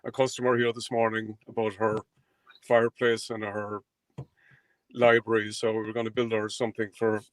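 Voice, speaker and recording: A man in his sixties with an Irish accent from County Clare, a carpenter and guest chatting in an interview, relaxed and rambling with hesitant fillers. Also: fairly low pitch, moderate pace, poor audio. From Ireland. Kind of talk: casual interview chat.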